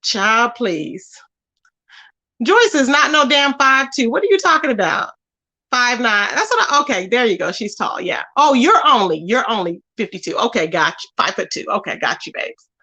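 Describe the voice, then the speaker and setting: Young woman streamer, sassy and animated, high bright voice, swings up and down a lot. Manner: sassy, animated, quick to laugh. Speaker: livestream host reading chat. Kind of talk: casual livestream chat.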